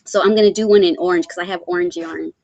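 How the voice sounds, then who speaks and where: Middle-aged woman from Texas, live-stream host, chatty with ums and throat clearing, close dry mic. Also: on the low side, steady tone, fast, a little mellow, no room sound, lo-fi sound. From San Antonio, Texas. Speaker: crochet channel host reading live chat. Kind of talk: casual live-stream chat.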